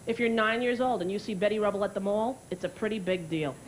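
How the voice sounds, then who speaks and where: A woman's voice: medium pitch, fast talker, a little hiss or hum, poor audio. A woman comedian performing a stand-up set in a brash, sarcastic, profane way. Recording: live club with crowd laughter. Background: audience laughter.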